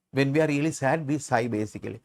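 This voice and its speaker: A man teaching English, reading a story aloud and patiently explaining words, often repeating and restarting. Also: mid-range voice.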